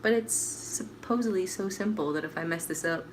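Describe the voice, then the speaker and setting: A young woman with a slightly low voice chats casually while baking on a livestream in her kitchen. She jokes about her own cooking and talks back to viewers' comments. Steady noise sits under the home stream. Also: moderate pace, rough recording. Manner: chatty, self-deprecating, reads viewer comments aloud.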